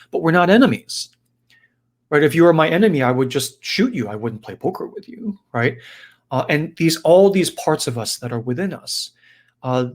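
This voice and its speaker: A man giving a reflective spiritual talk in an animated, conversational way, often checking in with his listeners. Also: medium pitch. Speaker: spiritual teacher.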